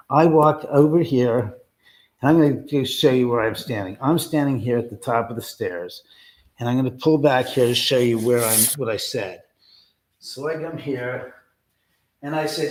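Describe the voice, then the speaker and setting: A man hosting a casual livestream from his house, telling a story in a rambling, profane, animated way. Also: medium pitch, normal speed. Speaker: livestream host. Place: his own house, indoors.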